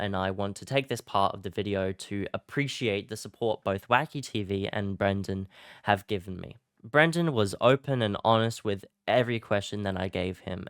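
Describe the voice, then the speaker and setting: A young man narrating a casual commentary video in a relaxed, self-deprecating way, with filler "uh"s here and there. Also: on the low side, clear, resonant tone, no room sound, clean studio sound. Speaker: YouTube commentary creator.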